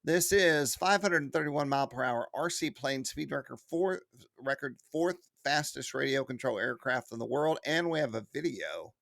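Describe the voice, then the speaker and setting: A man's voice: mid-range voice, animated, moderate pace, creaky, a bit bright, no echo, studio quality. A man hosting a weekly hobby news roundup, chatty and enthusiastic, with frequent fillers. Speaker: host of a weekly RC news show.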